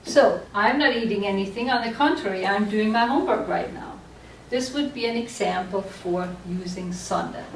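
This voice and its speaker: A woman teaching a German class, explaining slowly and patiently and often checking that the students follow. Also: medium pitch, a little hiss or hum. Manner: slow, patient explaining with frequent check-ins. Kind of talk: classroom lecture at a board. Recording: echoey room, voice from far off.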